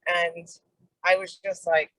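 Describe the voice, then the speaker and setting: Taking it slowly in a lowish voice, a middle-aged woman recounts a personal story on a video call for the program. She brings the dialogue to life by acting it out, filling gaps with "like." No room sound is audible, and the recording is low quality.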